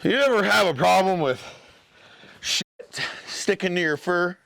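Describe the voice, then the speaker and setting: Lumbering sly bear with a slow, loud drawl, done by a male storyteller. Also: high-pitched, animated, creaky, no echo, pitched above the performer's own voice, exaggerated voice.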